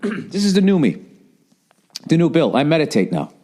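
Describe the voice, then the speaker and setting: A middle-aged man from Boston hosting a podcast, ranting casually and profanely, swinging between loud gripes and low muttering. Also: big pitch swings, normal speed. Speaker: podcast host. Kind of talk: casual comedic podcast rant.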